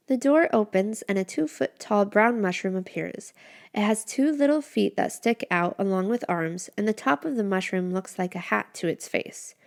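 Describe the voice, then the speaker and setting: A woman narrating a first-person fantasy story in an expressive, descriptive way. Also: medium pitch, creaky.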